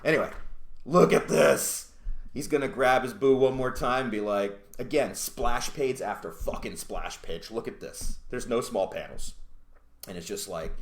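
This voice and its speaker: A man's voice: mid-range voice, measured pace. A man casually reviewing a comic book at home, loose and rambling with plenty of swearing and restarts. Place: indoors at home. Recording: roomy echo.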